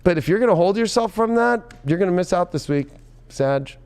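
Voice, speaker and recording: A man giving a tarot reading in an excitable, loud and profane way, often breaking into laughter. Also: high-pitched, fairly quick, clean tone. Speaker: tarot reader.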